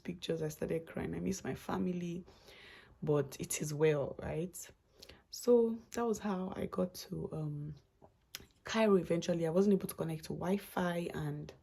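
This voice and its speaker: Low husky woman telling a travel story. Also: mellow. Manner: chatty, rambling with restarts and asides, emotional. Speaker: vlogger. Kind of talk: casual storytelling vlog.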